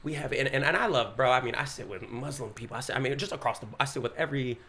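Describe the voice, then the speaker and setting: A man, a pastor, telling a story in casual podcast chat, animated, acting out the quotes and saying "bro" often. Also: medium pitch, rapid-fire.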